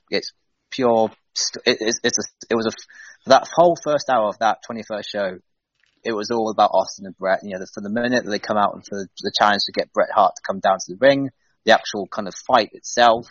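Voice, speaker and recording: Low-voiced, enthusiastic male co-host. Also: a bit bright, no echo. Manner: enthusiastic, building energy, laughs easily. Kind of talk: casual retro wrestling podcast chat. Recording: dull lo-fi dry sound.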